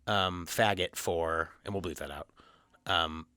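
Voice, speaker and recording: A man's voice: low voice, measured pace, sharp tone, clean tone, no room sound, studio quality. A man in his thirties co-hosting a podcast, teasing and crude in casual banter. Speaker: podcast co-host.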